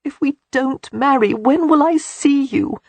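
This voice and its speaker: A man's voice: extremely high pitch, a little slow, dry recording, pitched above the performer's own voice. A man voicing an earnest young Regency lady. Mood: pleading. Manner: earnest, urgent, raised voice. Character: spirited young Regency woman, pleading.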